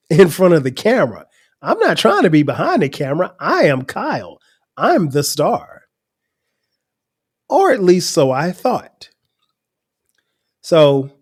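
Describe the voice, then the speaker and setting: A middle-aged man hosting a podcast, telling a personal story in a casual, conversational way with frequent laughter. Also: a little high. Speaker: podcast host.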